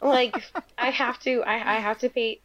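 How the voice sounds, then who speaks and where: A woman co-hosting a podcast, telling stories in a joking, animated way. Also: on the high side, normal speed, no echo, lo-fi sound. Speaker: podcast co-host. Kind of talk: casual chat, storytelling.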